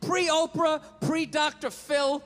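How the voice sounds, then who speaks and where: A man's voice: very high voice, flat delivery, takes it slowly, a bit bright, big-room sound. A man doing a stand-up routine on a comedy stage, with a profane, ranting delivery into a handheld mic.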